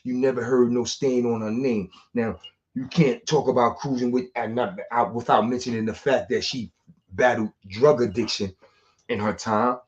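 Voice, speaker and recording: A man's voice: medium pitch, fairly even intonation, normal speed. New guy reminiscing in street slang, muffled lo-fi audio. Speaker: street storyteller. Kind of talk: casual storytelling monologue. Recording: dull lo-fi sound.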